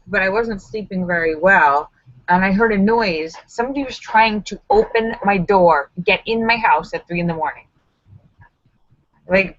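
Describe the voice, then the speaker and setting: A woman's voice: mid-range voice, lo-fi sound. A woman hosting a casual live stream, chatting with viewers in a sassy, joking, self-mocking way.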